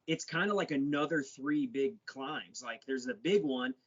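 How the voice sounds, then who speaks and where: A man chiming in during casual podcast chat, quiet and halting. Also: medium pitch, highs cut off.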